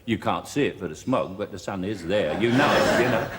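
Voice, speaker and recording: Cockney male guest, dry joker, low-ish voice, old TV studio echo. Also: animated, brisk. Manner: wry, joking, with stammered restarts. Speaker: talk show guest. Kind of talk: chatty anecdotal interview. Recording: archive TV studio with hall echo and faint hiss.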